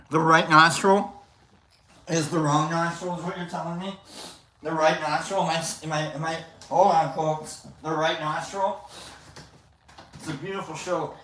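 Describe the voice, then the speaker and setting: Bright, joking live-stream host man. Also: fairly high pitch, fairly even intonation, measured pace, pauses often, slight background noise, rough recording. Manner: jokey, rambling, laughs a lot. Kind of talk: casual live-stream chat.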